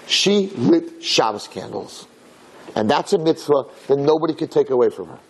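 A man voicing a small male angel, speaking slowly and solemnly. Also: on the high side, sing-song, darkish tone, slight background noise, poor audio. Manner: slow, solemn.

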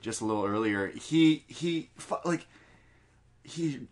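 A man's voice: mid-range voice, lively intonation, takes it slowly. A man co-hosting a podcast in casual chat. He talks bluntly, swears freely and laughs often. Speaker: podcast co-host.

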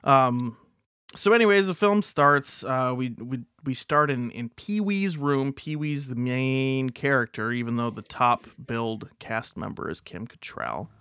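A man hosting a podcast, recapping a film in casual chat with halting restarts. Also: medium pitch, clear, resonant tone, no room sound, clean studio sound. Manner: animated, halting storytelling with restarts. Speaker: podcast host.

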